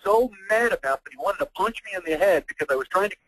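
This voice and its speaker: A man giving a fired-up, blunt sales pitch as host of a marketing webinar on an online call. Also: expressive, fast talker, fairly bright tone, no room sound, poor audio. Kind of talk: persuasive sales presentation.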